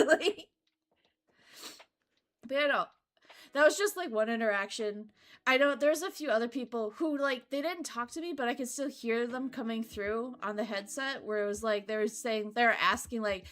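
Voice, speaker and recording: High bright young woman streamer. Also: normal speed. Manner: animated, laughs often, swears casually. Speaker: VTuber streamer. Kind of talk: casual storytelling chat. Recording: faint background music.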